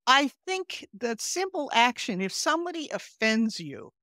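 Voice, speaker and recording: A woman's voice: a little high, measured pace, dry recording, studio quality. Earnest older woman telling stories. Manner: earnest, animated storytelling. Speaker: guest psychotherapist. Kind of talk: podcast interview.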